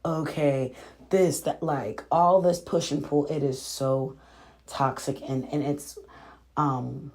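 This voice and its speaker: Low-voiced woman recapping a show. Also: fairly even intonation, slow pace, darkish tone. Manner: chatty, addresses viewers as y'all, acts out quotes. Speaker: reaction video host. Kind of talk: casual reality-show recap and commentary.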